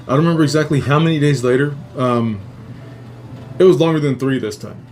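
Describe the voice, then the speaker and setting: A man hosting a podcast, telling his own strange dream stories in a casual, profane, animated way and jumping into high voices when he quotes people. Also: brisk, a little hiss or hum. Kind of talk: casual storytelling.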